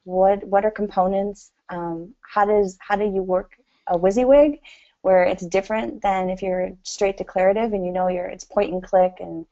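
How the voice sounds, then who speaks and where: A woman's voice: medium pitch, fairly even intonation, normal speed, warm tone, lo-fi sound. A woman talking as a podcast guest in a casual, rambling way, with frequent "you know" fillers and easy laughter. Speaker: interview guest. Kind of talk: casual conversational interview.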